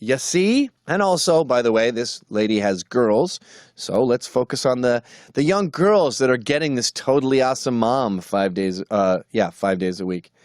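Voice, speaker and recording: A man's voice: medium pitch, lively intonation, normal speed, a little mellow, no echo, clean studio sound. A man delivering a combative, sarcastic opinion monologue as a commentator.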